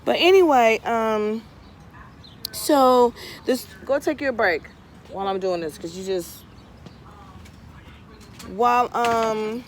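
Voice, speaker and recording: A woman's voice: on the high side, slow, pauses often, a little hiss or hum. A woman tarot reader telling a casual story outdoors in her garden, chatty with frequent asides. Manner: chatty, drawling, many asides and "right?".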